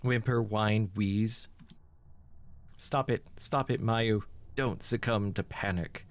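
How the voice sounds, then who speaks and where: A man's voice: on the low side, steady tone, slow, clear, resonant tone. A man reading as a scared teenage schoolgirl. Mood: panicky. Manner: anxious, fretful. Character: frightened teenage schoolgirl, panicky and lost.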